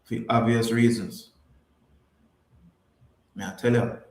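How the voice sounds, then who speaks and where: A Jamaican-accented podcast host chats casually with viewers during a livestream, answering them and repeating points for emphasis. His mid-range voice is level, slow, and darkish in tone, heard in an echoey room.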